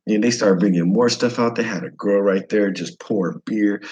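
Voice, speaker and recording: A man's voice: fairly low pitch, normal speed, a little mellow, poor audio. A man from the United States casually telling a travel story, slangy, profane and rambling.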